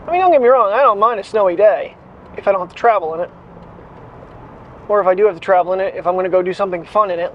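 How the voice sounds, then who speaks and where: A man vlogging in a rambling, chatty way, talking to the camera and to his dog. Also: sits high. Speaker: daily vlogger. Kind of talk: casual chat. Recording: dull lo-fi sound, faint noise.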